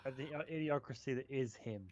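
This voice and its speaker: A man's voice: mid-range voice, brisk, dull audio, a crowd in the background. A man playing in a tabletop role-play game, making crude jokes in a casual way. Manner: crude, joking. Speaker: player.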